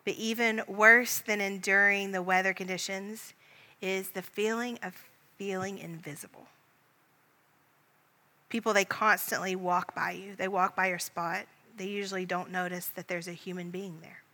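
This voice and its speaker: A woman leading a guided Christian prayer meditation in a gentle, calm voice, speaking directly to the listener as "you". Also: medium pitch, moderate pace, in a large hall. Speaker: prayer leader.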